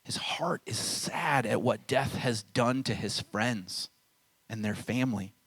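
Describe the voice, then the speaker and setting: A man in his thirties preaches at a camp, telling the story in a loose, conversational way. His voice sits at an ordinary middle pitch. The sound is dry and close, with almost no room echo. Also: slow pace, fairly bright tone, husky. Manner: casual storytelling, acts out quoted voices. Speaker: camp speaker. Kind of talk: sermon.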